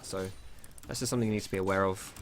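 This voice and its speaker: Fast-talking young man. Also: low voice, steady tone, a little hiss or hum. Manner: chatty, rambling, swears when surprised. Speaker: gameplay commentator. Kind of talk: casual gameplay tutorial commentary.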